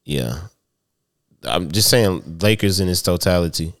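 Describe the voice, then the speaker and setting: A man's voice: low voice, expressive, a little slow, a bit bright. A man in casual sports talk with friends, hesitant and restarting often, with loose slang.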